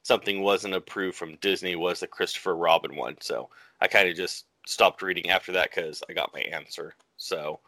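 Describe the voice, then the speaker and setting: Male podcast co-host, low and bright, hesitant chat, dry sound. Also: fairly even intonation, moderate pace, dry recording. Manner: rambling, hesitant, with many fillers. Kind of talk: casual chat.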